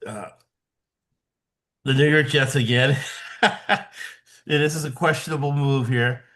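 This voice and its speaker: Male podcast host, mid-pitched, relaxed and chatty, quick to laugh. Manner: easygoing, asks questions and laughs along. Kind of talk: casual sports chat.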